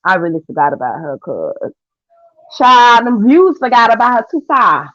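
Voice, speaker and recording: A young woman, chatting casually with viewers on a livestream in a sassy, trash-talking way with loud cackling laughs. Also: fairly high pitch, big pitch swings, unhurried, dry recording. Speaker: livestream host. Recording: dull lo-fi stream audio.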